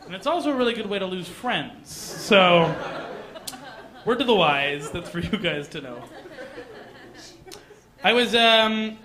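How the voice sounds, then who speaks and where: A man from Canada doing a stand-up comedy set in a comedy club, mostly deadpan, with sudden loud put-on voices. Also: high-pitched, measured pace, long pauses.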